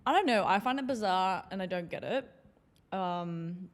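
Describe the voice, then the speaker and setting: Casting: twenties woman, solo podcast host, rambling and conversational, mid-pitched voice. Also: expressive, moderate pace. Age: 20s. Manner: chatty, lots of "like" and "you know". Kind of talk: casual solo podcast chat.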